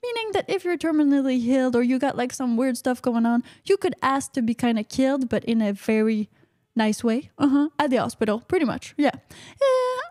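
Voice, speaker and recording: A playful woman hosts a live stream, chatting casually and dropping "uh-huh" between thoughts. Her voice sits high and bright for a woman. The sound is close and dry, with no room around it. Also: lively intonation, normal speed, dry recording. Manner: playful, chatty, frequent "uh-huh" fillers and giggles. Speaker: radio show host.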